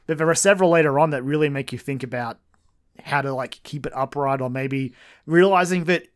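A man's voice: medium pitch, brisk. A man co-hosting a podcast in casual chat, teasing his co-host and laughing often.

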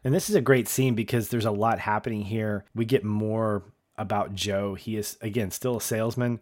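Man, podcast co-host, lower voice, enthusiastic and giggly, dry studio sound. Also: steady tone, normal speed, a little mellow, no room sound. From American South. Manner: enthusiastic, laughs often, gushing. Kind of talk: casual chat recapping a TV show.

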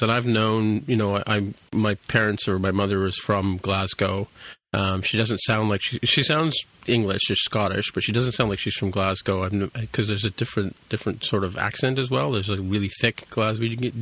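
A man's voice: lowish voice, fairly bright tone. A man co-hosting a podcast in casual chat, rambling with many restarts. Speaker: podcast co-host.

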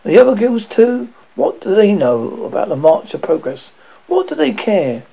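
A fired-up alchemist secretary rants with indignation, voiced by a man. His pitch jumps around and sits on the high side, with gravel in the tone. The recording is dull and lo-fi. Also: big pitch swings, normal speed, full character voice. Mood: indignant. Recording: dull lo-fi audio.

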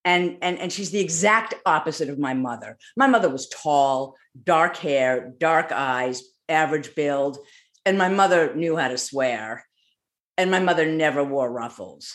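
A man's voice: a little high, fairly bright tone. A man telling a personal story in a wry, detailed, conversational way. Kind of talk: personal story told on stage.

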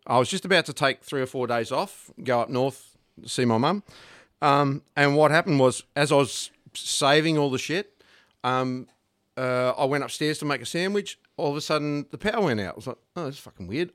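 A man's voice: mid-range voice, fairly bright tone. A man with an Australian accent, a music producer, telling a loose story full of fillers and swearing. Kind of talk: casual storytelling.

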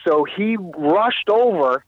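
A man from Canada, a guest in an interview, telling a personal story in a halting way, often repeating and restarting phrases. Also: high voice, animated, no room sound, phone-quality sound.

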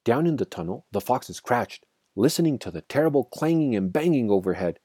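A man reading a children's storybook aloud in an expressive, dramatic way. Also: mid-range voice, brisk, husky, dry recording, studio quality.

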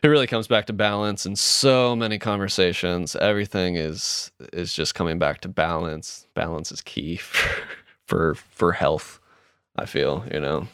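A man hosting a podcast, talking in a calm, reflective, unhurried way with many fillers. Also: low-pitched, clear, resonant tone, dry recording, clean studio sound. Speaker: podcast host. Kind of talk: reflective casual podcast chat.

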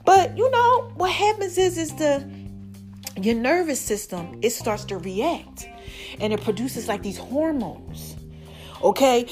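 A woman hosts her own podcast, chatting to listeners in an animated, familiar way. Her voice sits a little high, and faint music plays under her talk. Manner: chatty and animated, addresses listeners as "y'all" and "child". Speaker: podcast host. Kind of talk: casual motivational podcast talk.

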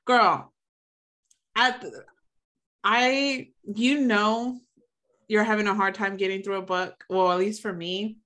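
A woman's voice: mid-range voice, slow pace, long pauses. A young woman hosting a book podcast in casual chat, chatty and giggly, acting out her own reactions. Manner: chatty, giggly, animated retelling. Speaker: podcast host.

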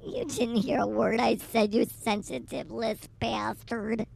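A man's voice: high-pitched, level tone, measured pace, gravelly, a little mellow, full character voice. A man voicing a brash, flirty middle-aged woman passenger who rambles crudely and teases her driver in an improvised comedy sketch. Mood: flirty rambling.

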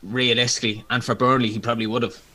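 A man's voice: mid-range voice, flat delivery, rapid-fire, sharp tone. A man co-hosting a casual sports podcast, giving blunt opinions and swearing freely. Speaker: podcast co-host.

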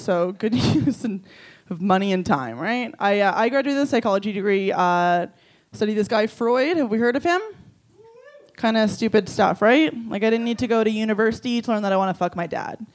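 A young woman works through a stand-up set on a small bar stage. She mocks herself with flat, deadpan lines and keeps breaking into small giggles. Her voice sits in an ordinary middle pitch. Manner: self-deprecating, deadpan punchlines with frequent giggles. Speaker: stand-up comedian.

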